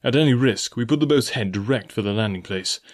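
A man reading a story aloud in a measured, even voice. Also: mid-range voice. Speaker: audiobook narrator. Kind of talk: scripted storybook narration.

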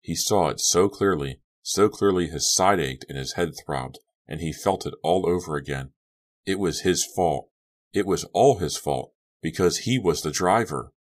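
A man with a very deep voice narrates a scripted story for an audiobook. His reading is steady and clipped.

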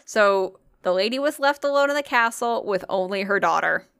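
A woman's voice: medium pitch, animated, normal speed, vocal fry, fairly bright tone, clean tone, dry recording, clean studio sound. A young woman co-hosting a casual podcast, telling ghost stories in a chatty way, swearing and laughing often. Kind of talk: casual chat.

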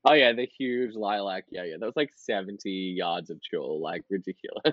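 A man, chatting as a podcast guest, full of fillers and quick laughs. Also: low-pitched, fairly bright tone, no echo, highs cut off. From Australia. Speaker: podcast guest, drag performer. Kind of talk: casual interview chat.

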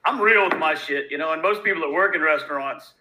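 A man from Louisiana, a bartender guest telling profane, animated stories in a casual interview. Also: a little high, fast talker, slight background noise, rough recording. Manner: profane, animated, laid-back. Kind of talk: casual storytelling.

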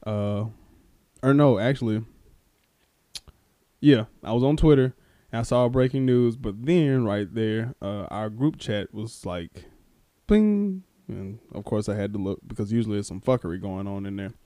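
A man's voice: lowish voice, normal speed, dry recording, studio quality. A man hosting a casual podcast who teases his co-host, laughs often and tells stories loosely with many fillers. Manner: teasing, animated, laughs often.

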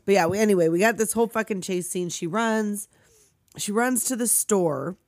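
A woman co-hosting a casual film recap, animated and profane, often acting out the characters' lines. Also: medium pitch, normal speed, no room sound. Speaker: podcast co-host.

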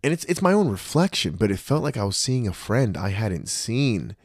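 A man's voice: fairly low pitch, normal speed, no room sound, studio quality. A man co-hosting a podcast, telling stories in casual chat and acting out what others said, with plenty of swearing. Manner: animated storyteller, acts out quotes, swears often. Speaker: podcast co-host.

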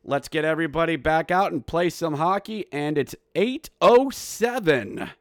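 A fairly high-voiced man recaps a hockey game in a loose, chatty way, calling each pass and then erupting into loud goal calls. He keeps cracking jokes at his own expense. The sound is dry and close, with no room around it. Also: measured pace, dry recording. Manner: excitable, bursts into shouted goal calls; jokey, self-mocking asides. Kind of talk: casual game recap with play-by-play.

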